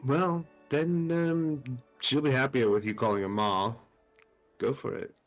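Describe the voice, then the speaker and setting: Hesitant man in tabletop role-play, mid pitch, light music behind. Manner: halting, hesitant, laughing easily. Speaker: player.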